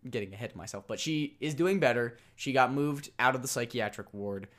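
A man co-hosting a podcast in casual chat, animated and laughing often. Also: mid-range voice, brisk. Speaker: podcast co-host.

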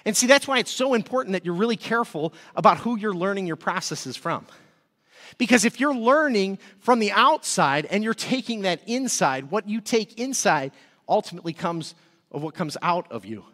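A man preaching a sermon as pastor, energetic and repeating words when excited. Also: high-pitched, moderate pace, in a large hall. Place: church service.

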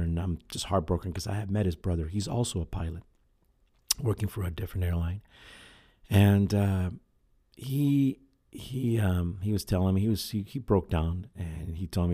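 Low-voiced guy doing his own podcast, warm dark tone, lots of uhs and restarts, earnest. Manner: earnest, halting, with many fillers and restarts. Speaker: podcast host. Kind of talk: casual solo podcast talk.

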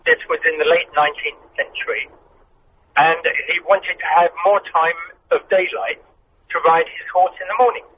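Give me a male caller on a car phone, a little high, muffled sound, patiently explaining. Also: steady tone, slight background noise. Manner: unhurried, explanatory storyteller. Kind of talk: phone-in call. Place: car on a motorway. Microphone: telephone.

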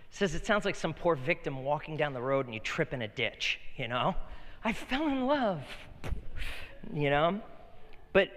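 Man preaching in a reverberant hall. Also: medium pitch. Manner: preaching, swinging from loud emphatic bursts to quiet intimate talk. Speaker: pastor. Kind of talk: sermon.

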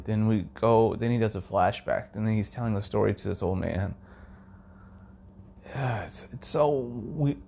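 A man's voice: lowish voice, gravelly, a little mellow, slight background noise. A man hosting his own podcast, musing casually and enthusiastically in a rambling way that often trails off, at times dropping to a near-whisper. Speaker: podcast host.

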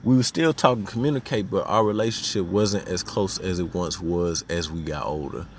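A man's voice: deep voice, normal speed, slight background noise. A man with an Arkansas Southern accent, talking casually and telling personal stories as a podcast host, full of slang and "you know what I mean.". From Little Rock, Arkansas.

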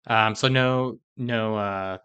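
A man hosting a sports podcast, steering the topics in a measured way with some "um" fillers. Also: fairly low pitch, steady tone, a bit bright, clear, resonant tone. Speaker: podcast host.

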